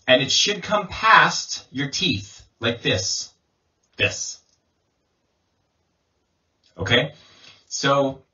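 Slow, bright-voiced male English coach. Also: medium pitch. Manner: slow, demonstrative, repeats sounds for drill. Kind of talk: pronunciation lesson. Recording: distant mic, dull lo-fi sound.

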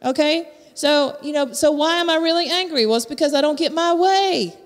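A woman preaching, her fairly high voice carried by the long reverb of a church sanctuary. She speaks into a handheld mic, frank and chatty, and pokes fun at herself as she talks to the congregation. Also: moderate pace. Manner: candid and conversational, with self-mocking humor. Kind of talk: sermon. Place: church sanctuary at a live service. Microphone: handheld microphone.

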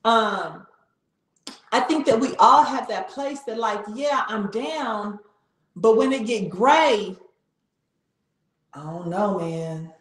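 A woman talking about her faith in a casual chat, animated and slangy, often repeating herself. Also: medium pitch, takes it slowly, pauses often. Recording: echoey room.

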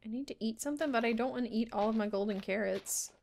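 Woman, casual gaming chat, fairly high pitch, giggly, trailing off. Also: fast talker, gravelly, darkish tone. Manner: chatty, giggly, trails off mid-sentence. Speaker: game player.

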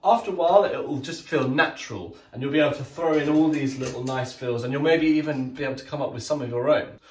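A man's voice: mid-range voice, quick pace, a little mellow. A man teaching drums in a friendly way, counting aloud and singing the beats with his mouth. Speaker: drum teacher. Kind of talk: music lesson. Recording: echoey room, mic at a distance, music playing.

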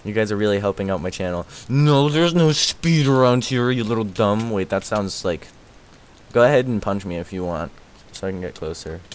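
A young man chatting casually on a live game stream, excitable and laughing often, his voice worn out. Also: fairly low pitch, moderate pace. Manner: excitable, laughs often, yelps and shouts when startled.

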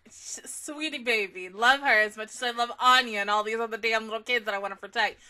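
Bright, gushing young woman reviewing anime. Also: a little high, fairly quick, hardly any pauses. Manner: emotional and gushing, with frequent fillers and swearing. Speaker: anime reaction YouTuber. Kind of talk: casual reaction review.

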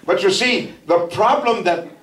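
A middle-aged male pastor giving a testimony sermon, telling his story and building to fervent, shouted praise. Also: high-pitched, a little slow, very noisy. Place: church sanctuary. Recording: echoey church from a distance.

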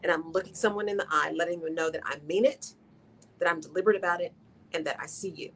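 A woman's voice: on the low side, quick pace, fairly bright tone, husky. A middle-aged woman hosts a radio show, giving an earnest, encouraging motivational talk straight to her listeners.

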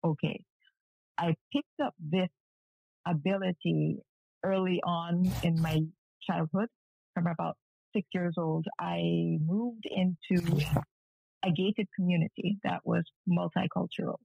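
A woman from Jamaica speaks plainly and frankly in a relaxed interview. Her voice is gravelly and a little husky. It comes through a remote call as thin, dry, phone-like audio. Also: on the low side, slow, no room sound. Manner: frank and matter-of-fact. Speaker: guest, cultural media commentator. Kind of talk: casual interview conversation. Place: at home in the evening. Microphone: remote video call.

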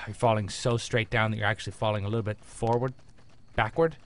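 A man's voice: on the low side, steady tone, fairly quick, fairly bright tone, a little hiss or hum. A young man commentating his gameplay in a jokey, rambling way with frequent exclamations. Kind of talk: let's play commentary.

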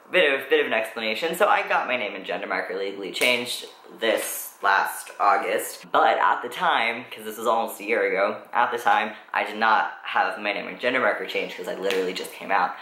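A man's voice: fairly low pitch, fairly quick, hardly any pauses, bright, forceful tone, slight background noise. A teenage young man telling a story in a casual vlog, rambling, swearing often and filling with likes. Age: teens. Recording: roomy echo.

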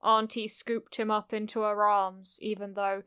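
A woman narrating a cozy fan fiction audiobook in a gentle, unhurried storytelling manner. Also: mid-range voice, little pitch movement, smooth, no room sound, studio quality.

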